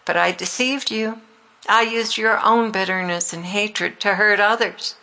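A woman quoting a cruel, gloating male devil, delivered with a bright, crisp edge and a gravelly fry running through the words. The taunting comes across in a voice close to an ordinary speaking voice. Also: medium pitch, steady tone, measured pace, poor audio.

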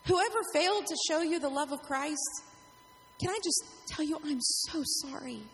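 Brief: middle-aged woman pastor, animated storytelling sermon, high voice, long hall reverb. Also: normal speed.

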